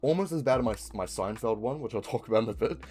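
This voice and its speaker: A man's voice: mid-range voice, animated, fast, a little mellow, faint music behind. A young man with a New Zealand accent chatting casually, rambling with lots of ums and swearing. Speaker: video creator. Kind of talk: casual chat.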